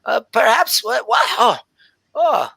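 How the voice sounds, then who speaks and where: A man's voice: extremely high pitch, huge pitch swings, slow, gravelly, sharp tone, slightly rough, dry recording, pitched above the performer's own voice, full character voice. A man voicing an ancient, nimble elven woman scribe who stammers and calls people dearie. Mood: fussy.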